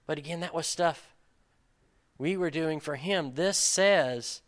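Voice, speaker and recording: A middle-aged pastor or Bible study leader delivers an informal, conversational sermon, earnest and sometimes rising to emphatic peaks. He speaks slowly in a voice on the high side.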